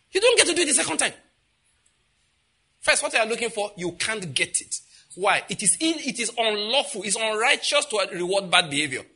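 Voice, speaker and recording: A man preaching a sermon as pastor, animated and laughing as he acts out what others say. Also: high voice, breathy edge.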